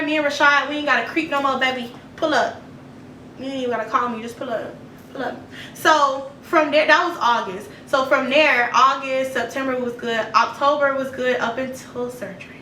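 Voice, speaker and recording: Animated woman vlogger in an echoey room. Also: high voice, slight background noise. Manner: animated, blunt, profane storytelling to viewers. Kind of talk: storytime vlog. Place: apartment room. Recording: echoey room, a bit far from the mic.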